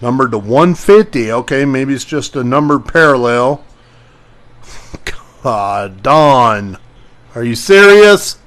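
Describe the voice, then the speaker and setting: A man's voice: medium pitch, takes it slowly, pauses often, a bit bright. A man hosting a live sports card break, calling out player names as he opens packs and greeting viewers by name.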